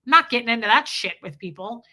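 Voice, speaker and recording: A woman's voice: on the high side, animated, fast, pushed and bright. A middle-aged woman hosting a casual livestream, chatting bluntly, swearing freely and reading viewer comments aloud. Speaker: livestream host.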